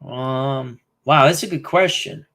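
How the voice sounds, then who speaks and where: Bright-voiced man chatting on a live stream. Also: medium pitch, slow pace. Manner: chatty, thinks aloud, reads viewer comments. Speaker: host. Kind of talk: casual live-stream chat.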